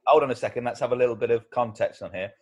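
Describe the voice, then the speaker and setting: A man's voice: mid-range voice, racing, darkish tone, muffled recording. A man co-hosting a casual podcast, full of banter, laughing at his own jokes and tripping over his words as he rambles. His voice sits in a middle register. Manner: jokey, laughs often, rambling with restarts. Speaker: podcast co-host. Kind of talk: casual comedic podcast chat.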